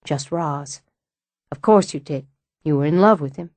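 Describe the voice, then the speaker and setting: Woman playing Roz, a brisk, kind woman. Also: deep voice, darkish tone, dry recording. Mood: comforting. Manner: brisk, comforting, firm.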